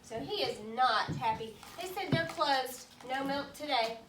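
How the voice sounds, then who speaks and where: A woman teacher reading a picture book aloud to her class, patiently pausing to ask questions and explain words in simple terms. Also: high voice, animated, pushed and bright, a little hiss or hum. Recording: echoey classroom from far off.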